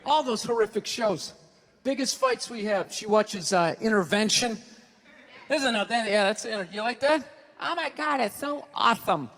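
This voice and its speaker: A man doing a stand-up comedy routine on stage, ranting profanely and breaking into shouts. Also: high voice, animated, moderate pace, vocal fry. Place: large venue on stage. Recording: hall reverb with faint ambience.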